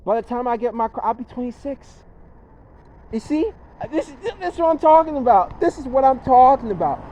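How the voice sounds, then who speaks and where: A man's voice: very high-pitched, expressive, brisk, mellow, a little hiss or hum, poor audio. A man in his twenties talking casually in a motivational monologue, earnest and repetitive, with lots of fillers. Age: 20s. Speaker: vlogger.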